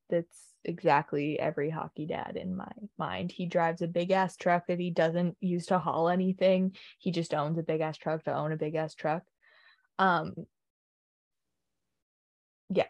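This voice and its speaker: A woman's voice: on the low side, steady tone, unhurried, a little mellow, dry recording, dull audio. A young woman co-hosting a casual chat, opinionated and joking, with lots of ums. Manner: chatty, opinionated, frequent ums and laughs.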